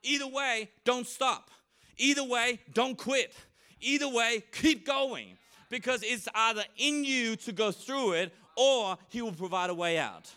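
A man preaching a sermon in a church, lively and humorous, often acting out the voices of the people he quotes. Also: extremely high pitch, a little slow, smooth. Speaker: pastor.

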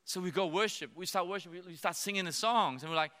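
A man in his thirties preaches from a church stage, his voice pitched high and ringing very bright. He tells his story playfully, slipping into little voices, and each phrase trails off into a long reverb in the hall. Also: quick pace, hardly any pauses. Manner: playful, acts out voices of his child and God. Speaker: pastor. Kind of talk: sermon.

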